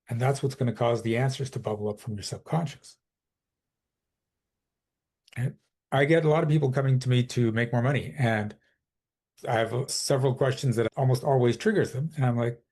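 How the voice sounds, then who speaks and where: Husky-voiced man coaching with emphatic conviction. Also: medium pitch, moderate pace, pauses often, a little mellow. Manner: emphatic, explains with quoted inner dialogue. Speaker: transformational coach, podcast guest. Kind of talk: conversational podcast interview.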